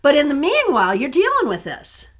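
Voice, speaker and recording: A woman tarot reader chatting casually on a live stream, answering viewer questions in an animated way that breaks into laughter. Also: sits high, brisk.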